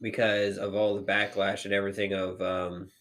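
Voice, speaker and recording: A man with a fairly low voice co-hosts a laid-back podcast. He rambles in casual chat, full of ums and restarts, and swears now and then for emphasis. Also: level tone, normal speed, a bit bright. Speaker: podcast co-host.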